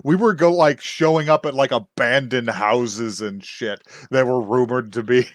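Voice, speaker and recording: A man's voice: mid-range voice, unhurried, no echo. A man co-hosting a podcast, casually recapping an anime episode, laughing often and acting out quotes with lots of fillers. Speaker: podcast co-host.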